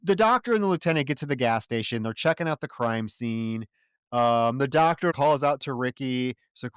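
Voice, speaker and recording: A man's voice: medium pitch, animated, a little fast, clean tone, dry recording, clean studio sound. A man co-hosting a casual film-review podcast, recapping plot with sarcastic, profane asides and acting out characters' lines. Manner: acts out characters' lines in quotes. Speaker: podcast co-host.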